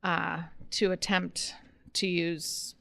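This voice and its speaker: A woman's voice: fairly low pitch, level tone, very slow, creaky, a bit bright. A woman co-hosting a livestream talk show from the United States, chatting casually and giggling as she greets viewers by name.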